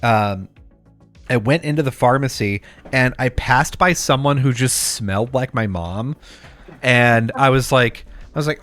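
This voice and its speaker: A man's voice: mid-range voice, moderate pace, fairly bright tone, no room sound, soft background music. A young father co-hosting a podcast in casual chat, reflective and hesitant, with lots of fillers and some swearing. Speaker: podcast co-host.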